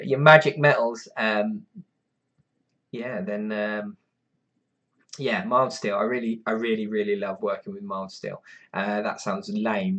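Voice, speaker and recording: A man's voice: mid-range voice, fairly bright tone. A man, chatting casually on a live stream, reading out viewer comments and rambling through answers.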